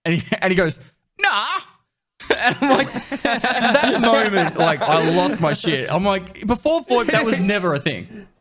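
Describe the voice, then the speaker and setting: A man who is a guest on a podcast, telling gaming stories in lively, animated casual chat. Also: sits high, normal speed.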